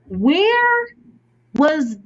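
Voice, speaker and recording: Woman host with a high voice telling a story, kinda muffled lo-fi sound. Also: very slow. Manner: expressive storyteller. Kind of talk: casual chat. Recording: slightly dull lo-fi sound.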